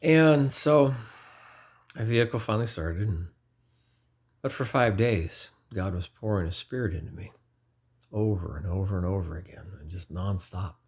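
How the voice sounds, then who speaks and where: Low husky man rambling through his testimony. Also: moderate pace, a little mellow. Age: 40s. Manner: rambling, earnest, often correcting himself. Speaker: lay preacher. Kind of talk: informal personal testimony.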